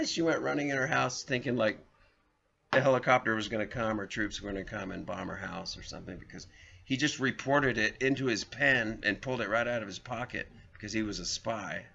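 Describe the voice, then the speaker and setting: In a casual storytelling monologue on his own vlog, a man rambles about his life and speaks to viewers as folks. His mid-range voice is creaky and bright with a forceful tone, moving fairly quickly, and the lo-fi recording is slightly dull.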